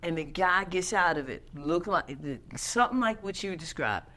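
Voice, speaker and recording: A woman's voice: on the low side, animated, moderate pace, fairly bright tone. A woman hosting an interview series, chatting casually and sharing her own anecdotes, often checking in with "right?". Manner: conversational, frequent "right?" affirmations, tells anecdotes. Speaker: interview host.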